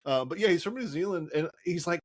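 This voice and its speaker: A man co-hosting a basketball podcast, telling stories in a rambling, animated way with lots of fillers. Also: a little high, fast, slightly rough. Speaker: podcast co-host. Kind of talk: casual chat.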